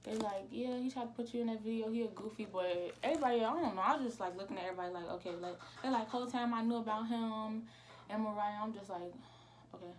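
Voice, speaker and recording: A woman's voice: fairly high pitch, quick pace, slight background noise. A teenage girl, casually telling a storytime vlog with lots of quoted dialogue. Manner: animated retelling with quoted dialogue. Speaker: vlogger.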